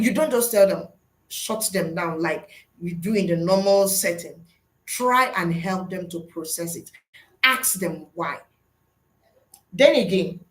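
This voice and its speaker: A middle-aged woman with a fairly low voice teaches fellow educators in a webinar. She is earnest and teacherly, posing questions and then answering them herself. Her voice rings a little in an echoey room. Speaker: school psychologist and webinar teacher.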